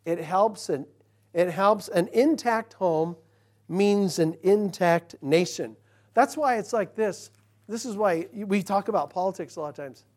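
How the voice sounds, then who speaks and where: A man preaching from the pulpit of a church, his voice sitting a little higher than most men's. He drops to a soft, confiding tone to tell a story, then rises loud and emphatic to press home a verse. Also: measured pace. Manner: preaching, swinging from quiet storytelling to loud emphatic scripture lines. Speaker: pastor. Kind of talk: sermon.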